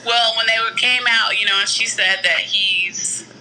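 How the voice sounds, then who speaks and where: A woman's voice: mid-range voice, fairly even intonation, normal speed, bright, forceful tone, a little hiss or hum, rough recording. A woman co-hosting a casual chat, blunt and joking, full of opinions.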